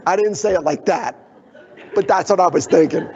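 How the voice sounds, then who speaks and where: A man with a high, darkish voice speaks at a moderate pace during a storytelling talk at a conference, playing out the voices of the people he quotes with animation. Slight background noise is present, and the echoey hall makes the sound dull.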